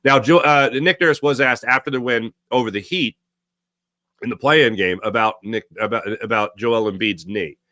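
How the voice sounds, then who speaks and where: A man's voice: medium pitch, normal speed, sharp tone, dry recording. A man hosting a sports talk show, rambling in a casual monologue and laughing often.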